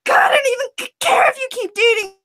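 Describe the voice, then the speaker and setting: A woman auditions for a voice role as an anguished, tearful teenage boy, stammering, sobbing, and crying out in heartbreak. Her voice is very high-pitched and she talks fast. The rough recording has no echo.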